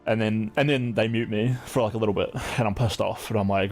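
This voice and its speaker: A man's voice: on the low side, fairly even intonation, a little fast, few pauses, soft background music. A man streaming, chatting casually in a rambling, profane way, full of "like" fillers.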